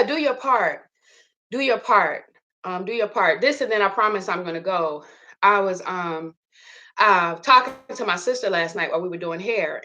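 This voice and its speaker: Over poor audio, a woman with a slightly high, pushed, bright voice shares reflections in a casual motivational talk. She laughs often, cusses freely, and repeats lines for emphasis.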